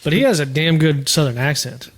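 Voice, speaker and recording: Higher-voiced man in a casual podcast chat. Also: lively intonation, a little fast. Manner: hedging, trails off mid-sentence, asks questions. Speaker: podcast co-host.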